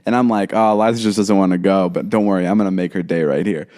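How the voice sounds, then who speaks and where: A man's voice: low-pitched, steady tone, fast, mellow. A young man co-hosting a podcast, telling a long story in casual chat, rambling and animatedly quoting the people in it. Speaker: podcast co-host.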